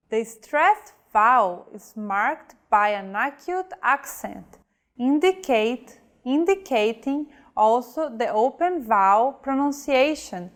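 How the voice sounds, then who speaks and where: Woman reading a pronunciation lesson, kinda high voice, slow and careful on every example word. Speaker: language teacher.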